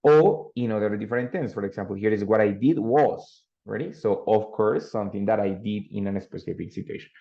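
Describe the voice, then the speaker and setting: Speaking in a lowish, warm tone, this Spanish-speaking man walks students through English grammar with patience. He keeps asking "no?" and "ready?" to check on them, and the audio sounds dull and lo-fi.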